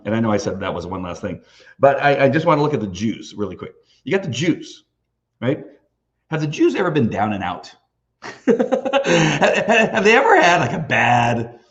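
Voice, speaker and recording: Lively man rambling on a lo-fi stream. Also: mid-range voice, a little slow. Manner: rambling with frequent restarts; animated, emphatic. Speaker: host of a live video stream. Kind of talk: off-the-cuff livestream monologue.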